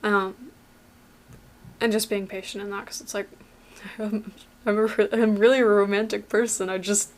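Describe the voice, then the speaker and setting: A woman's voice: mid-range voice, level tone, moderate pace, pauses often. Giggly, open young woman. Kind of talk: casual group discussion.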